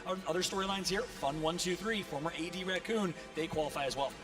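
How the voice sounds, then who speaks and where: A man calling an esports tournament as play-by-play caster, energetic and building to shouts at big moments. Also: high-pitched, quick pace, music in the background.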